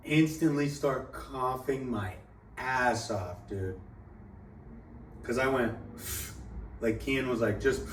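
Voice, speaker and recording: Young guy rambling through a story, swears a lot, roomy echo, faint noise behind. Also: mid-range voice. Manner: profane, rambling, animated quoting. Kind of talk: casual storytelling. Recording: echoey room, mic at a distance, faint background noise.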